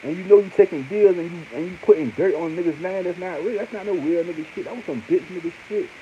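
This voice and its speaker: A man giving a casual, animated monologue as an online commentator, full of slang and repeated fillers, often jumping up into high exclaims. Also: quick pace. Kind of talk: casual monologue on hip hop news. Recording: muffled lo-fi with faint hiss.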